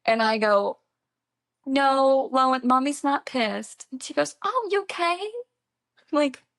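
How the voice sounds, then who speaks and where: Creaky-voiced young mom chatting. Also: female voice, high voice, slow pace, a bit bright, dry recording, clean studio sound. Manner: chatty, laughs while telling stories. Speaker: podcast co-host. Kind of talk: casual chat.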